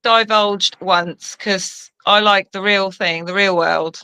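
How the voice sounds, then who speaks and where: A woman's voice: mid-range voice, fairly even intonation, takes it slowly, pushed and bright, clean tone, dry recording. A woman with a London accent, a guest on an interview podcast, bantering in a cheeky, laughing way. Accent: London English. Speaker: dancer and fitness coach guest. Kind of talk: casual interview chat.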